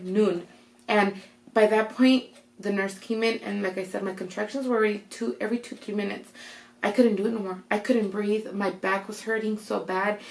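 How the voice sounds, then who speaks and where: A woman's voice: mid-range voice, echoey room. A young woman, casually telling her birth story in a vlog, saying "like" a lot and quoting herself. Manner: chatty, heavy use of "like" and "I'm like" to quote herself. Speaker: vlogger.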